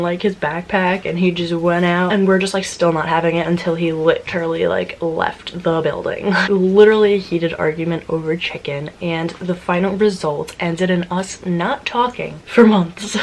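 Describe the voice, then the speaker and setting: A young woman in her twenties telling a story to her vlog audience in a casual, animated way, swearing freely and laughing often. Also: on the low side, rough recording. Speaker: vlogger.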